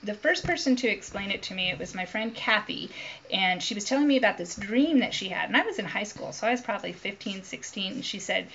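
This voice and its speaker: A female guest comedian telling personal anecdotes in a lively, casual storytelling manner. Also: mid-range voice, fast, creaky. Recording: dull lo-fi with faint noise.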